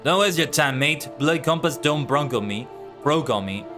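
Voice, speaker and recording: A man voicing a weary, broken-down old male fisherman, reading game dialogue in a rough, gruff put-on dialect. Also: medium pitch, expressive, a little fast, over music, lightly acted.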